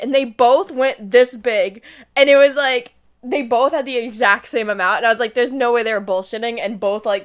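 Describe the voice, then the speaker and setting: Her voice sits on the high side and sounds fairly bright as this twenty-something woman casually tells her live stream audience a story. She acts out the words of herself and her friends.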